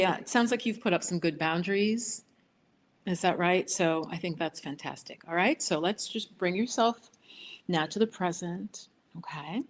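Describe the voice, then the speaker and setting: A woman teaching on a live stream, gently guiding listeners through slow affirmations and breathing. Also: fairly low pitch, a little hiss or hum. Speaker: yoga and healing teacher hosting a live stream. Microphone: laptop for live video below her.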